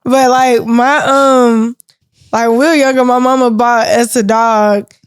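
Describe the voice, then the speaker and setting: A woman with a high voice tells a childhood story on a casual podcast. The recording is dry and close, with no room sound, and she laughs easily through her telling. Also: a little slow, clean tone, dry recording. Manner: relaxed, laughs while telling stories. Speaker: podcast co-host.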